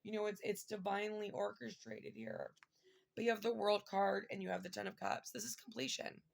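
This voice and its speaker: A woman talks her viewers through a tarot spread in a loose, rambling way, full of fillers and openly emotional. Her voice is heavily creaky, with a strong vocal fry running through it, at a middling pitch. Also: animated, a little fast. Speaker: tarot reader. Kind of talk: casual tarot reading to viewers.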